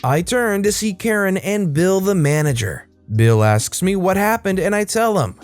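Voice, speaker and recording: A man hosting a storytime channel, reading online stories aloud with lively, animated delivery. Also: sits high, normal speed, no echo, faint music behind.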